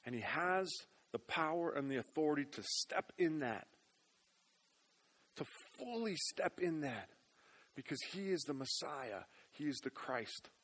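A man's voice: fairly high pitch, expressive, a little slow. Earnest male pastor preaching. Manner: earnest, dropping to hushed tones then rising loud. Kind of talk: sermon. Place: church.

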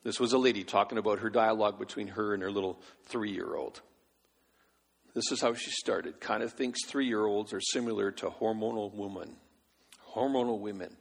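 A male pastor delivers a sermon with a gravelly, slightly husky voice. He is animated and acts out the voices in his stories. His words ring out with the long reverb of a church hall. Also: on the low side, moderate pace.

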